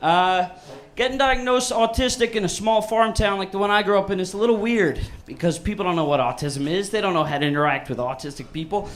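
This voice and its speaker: A man's voice: high voice, a little fast, a bit bright. A man from New York doing a brash, rambling stand-up set and laughing at his own jokes. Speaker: stand-up comedian.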